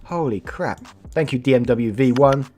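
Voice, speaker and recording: A man reading online stories aloud and reacting with animated asides, with faint music behind. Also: medium pitch, normal speed. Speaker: story reader.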